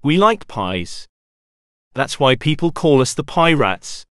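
A man voicing a hulking male rat chef in a storybook who speaks slowly and rumbles. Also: sing-song, fairly bright tone, clear, resonant tone, no room sound, clean studio sound, full character voice. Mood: plain. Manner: slow rumbling speech.

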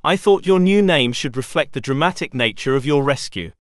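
A man voicing a stern but protective male animal pirate captain in a storybook, gruff and solemn. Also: a little high, animated, brisk, no echo, clean studio sound, close to an everyday voice. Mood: resolute.

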